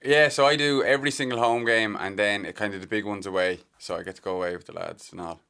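A man's voice: lowish voice, fast, vocal fry, smooth. A man with an Irish accent, a sports mascot performer, telling joking stories as a radio guest. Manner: lively storyteller, animated, joking. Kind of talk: casual radio interview guest.

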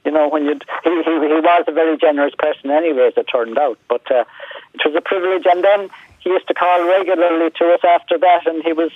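A male caller on a radio phone-in, recalling memories in a halting way and repeating words as he searches for them. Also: fairly high pitch, steady tone. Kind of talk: reminiscing on a phone-in show. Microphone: telephone. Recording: dry tinny phone line.

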